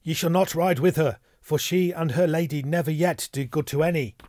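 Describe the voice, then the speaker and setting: A man's voice: on the high side, moderate pace, a little mellow, dry recording, studio quality, pitched above the performer's own voice, natural voice. A man voicing a bold, righteous male knight, declaiming in raised, formal old-fashioned speech. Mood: stern.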